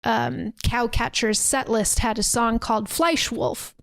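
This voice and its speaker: A woman podcast host casually retells a movie's scenes, acting out the quoted lines with plenty of swearing. Her slightly high voice has a steady tone, vocal fry and a measured pace, with no room sound.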